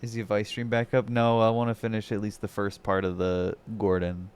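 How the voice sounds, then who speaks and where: A man's voice: fairly low pitch, little pitch movement, moderate pace, smooth. A man streaming and reacting in a casual chat, joking around, playing with words and laughing often. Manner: jokey, laughs often, trails into wordplay.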